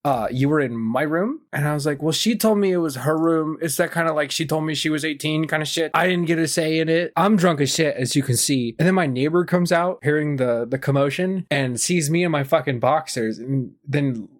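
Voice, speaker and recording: Man, slightly high voice, podcast guest, casual profane rambling storyteller who acts out the other voices. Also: fairly quick, hardly any pauses.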